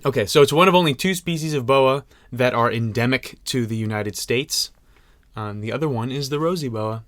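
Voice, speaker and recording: A man's voice: mid-range voice, normal speed, a bit bright, no room sound, clean studio sound. A young man co-hosting a podcast in casual chat, joking and rambling with frequent laughs. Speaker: podcast co-host.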